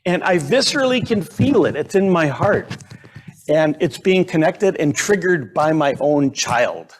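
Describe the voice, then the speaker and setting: A middle-aged man preaching a sermon in a church, conversational and halting, with frequent fillers and restarts. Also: on the high side, expressive, a little hiss or hum. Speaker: pastor. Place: church sanctuary.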